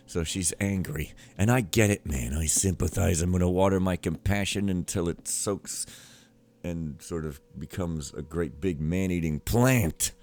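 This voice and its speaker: A man giving casual, rambling gameplay commentary, joking and often trailing off quietly. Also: low-pitched, measured pace, faint music behind.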